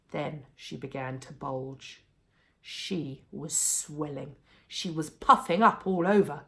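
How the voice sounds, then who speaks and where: A woman reading a children's book aloud as a bedtime story, with expressive, animated storytelling. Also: sits low, slow pace, creaky, soft background music.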